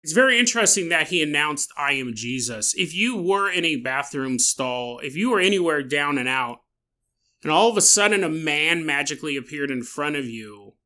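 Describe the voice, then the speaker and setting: Sick, animated man musing on a podcast. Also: on the high side. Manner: animated, joking, musing aloud, laughing asides. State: sick with a sore, dry throat. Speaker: podcast host. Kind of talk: solo podcast monologue.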